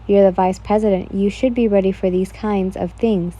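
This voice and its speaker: A woman's voice: medium pitch, steady tone, moderate pace, warm tone, lightly acted. A woman voicing a smug, teasing male student council president in a read-aloud fan fiction story.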